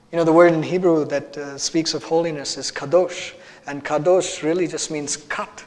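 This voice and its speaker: A man preaching to his congregation, his fairly high voice climbing through repeated phrases to forceful peaks. The sanctuary around him carries a long, lingering reverb. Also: normal speed. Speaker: pastor. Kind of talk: sermon. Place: church sanctuary.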